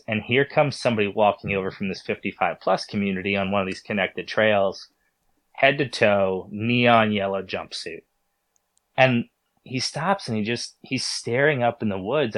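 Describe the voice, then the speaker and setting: A man's voice: fairly low pitch, normal speed, fairly bright tone, dry recording. A man, a podcast guest, tells a hunting story in an interview, often stumbling and repeating words as he goes.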